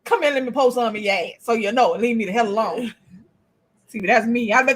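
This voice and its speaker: A woman's voice: on the high side, a little fast. A woman co-hosting a casual chat, talking bluntly and profanely and laughing often. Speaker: co-host.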